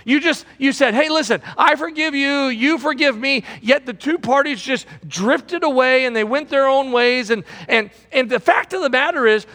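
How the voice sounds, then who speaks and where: A high-voiced man preaching a sermon to a congregation, leaning on repeated phrases and rising emphasis. His voice carries a long reverb from the big auditorium around him. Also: bright, forceful tone. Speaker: pastor. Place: large auditorium.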